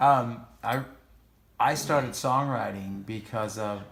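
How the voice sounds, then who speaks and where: A man, a musician, in casual chat who speaks haltingly and searches for his words. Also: fairly low pitch, vocal fry, a loud crowd. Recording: echoey room.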